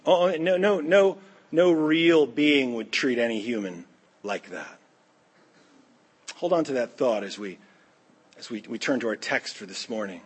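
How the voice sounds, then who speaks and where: Husky-voiced preacher telling a story. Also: male voice, mid-range voice, measured pace, long pauses. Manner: animated storyteller, acts out voices. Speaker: pastor. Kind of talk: sermon.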